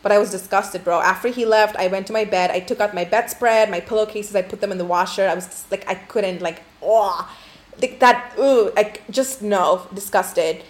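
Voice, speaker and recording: Speaking at a normal speed in a mid-range voice, this young woman shares a casual storytime to camera. Her telling is rambling and profane, with "like" dropped in nearly every phrase.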